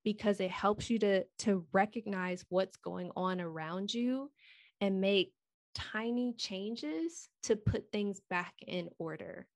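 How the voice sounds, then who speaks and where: A woman in casual conversation, telling personal stories candidly, moving between soft, quiet remarks and loud, animated bursts. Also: medium pitch, measured pace, no echo, clean studio sound. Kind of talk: casual chat.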